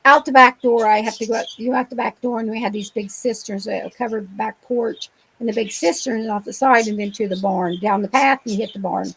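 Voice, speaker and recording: A woman's voice: fairly high pitch, fairly even intonation, fairly quick, hardly any pauses, fairly bright tone, slightly rough, no echo, poor audio. A woman from Ohio, a guest in an interview, retelling her experiences in a rambling, vivid way full of fillers over a remote call microphone. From Ohio, USA. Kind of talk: casual storytelling interview.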